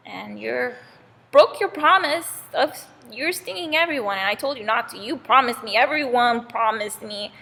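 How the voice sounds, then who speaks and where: A woman's voice: a little high, animated, normal speed, vocal fry, pushed and bright, slightly rough, heavily acted. A woman playing a stern king of the gods. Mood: scolding. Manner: scolding, firm. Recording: long reverb in a hall.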